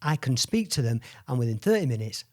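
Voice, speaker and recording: A man's voice: medium pitch, big pitch swings, brisk, darkish tone. A man hosting a podcast, speaking in casual conversation, earnest and reflective. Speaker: podcast host.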